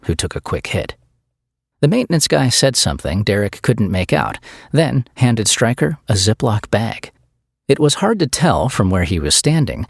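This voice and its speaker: A man narrating an audiobook in a scripted, expressive storytelling style. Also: fairly low pitch, vocal fry, husky, dry recording, clean studio sound.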